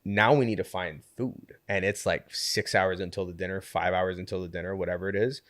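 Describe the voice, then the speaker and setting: A community co-founder on a podcast tells a lively, casual story in a fairly low voice at a brisk clip, sprinkling in constant "like"s and acting out little quotes. He's recorded close and dry, with nothing of the room around him.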